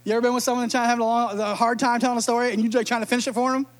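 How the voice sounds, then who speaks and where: Playful middle-aged pastor, very high voice, storytelling sermon. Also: male voice, little pitch movement, very fast.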